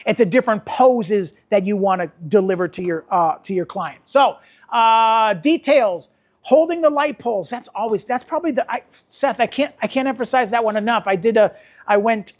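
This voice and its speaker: A man's voice: high-pitched, moderate pace. Emphatic man teaching a photo workshop. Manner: emphatic, repeats words for stress; rambling with many restarts. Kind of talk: informal workshop talk.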